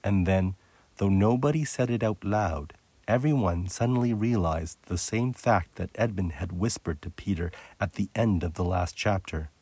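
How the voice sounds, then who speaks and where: A man narrating a children's novel aloud in an expressive read-aloud manner. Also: low-pitched, moderate pace, husky, dry recording. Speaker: audiobook narrator. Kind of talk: storybook narration.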